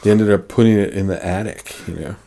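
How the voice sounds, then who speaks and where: A man's voice: lowish voice, steady tone, quick pace, creaky, mellow. A man co-hosting a show, chatting casually and rambling with lots of fillers and restarts. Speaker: podcast co-host. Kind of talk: casual chat.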